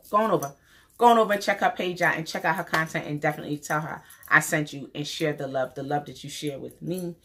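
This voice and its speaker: Chatty New woman vlogger. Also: low-pitched. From New York. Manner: enthusiastic, chatty, repeats phrases for emphasis. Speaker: beauty vlogger. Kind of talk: casual wig review vlog.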